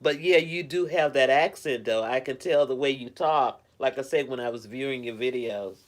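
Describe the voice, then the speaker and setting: A man chats with his viewers on a live stream from home, talking in a loose, rambling way. He greets people by name and sounds caring toward them. His voice sits at an ordinary middle pitch. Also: moderate pace. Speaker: live streamer reading chat. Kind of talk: casual live-stream chat.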